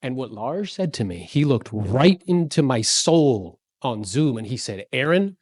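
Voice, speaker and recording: A man in his forties giving an energetic motivational talk to a live audience, telling stories and asking the crowd questions. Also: mid-range voice, measured pace, husky, dry recording, studio quality. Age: 40s. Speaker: real estate speaker.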